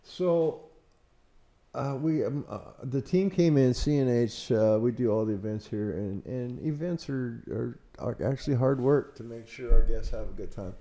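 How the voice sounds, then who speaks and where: A man's voice: mid-range voice, moderate pace, dark tone. A man who looks after a haunted building, telling a ghost story in an interview with lots of fillers and laughs at himself. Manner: rambling, hesitant with many fillers, laughs at himself.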